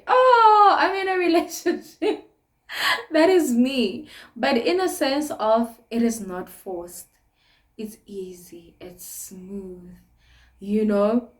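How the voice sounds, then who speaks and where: Giggly South African young woman, slow-paced. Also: medium pitch, darkish tone. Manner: giggly, laughs often between phrases. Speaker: vlogger. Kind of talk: casual sit-down chat.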